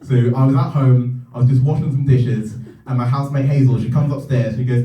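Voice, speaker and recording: A young man performing a stand-up comedy set in a comedy club, telling stories with lively energy that climbs into excited shouts, with audience laughter behind him. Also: medium pitch, fairly quick, dull audio. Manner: animated storytelling, rising to shouts in excitement. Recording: echoey room, heard from a distance.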